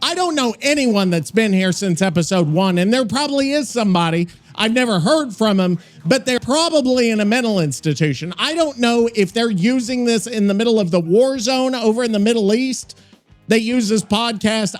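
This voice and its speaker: A man co-hosting a gaming podcast, talking loudly and casually, swearing often and rambling with restarts. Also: sits high. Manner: loud, profane, rambling with restarts. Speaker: podcast co-host.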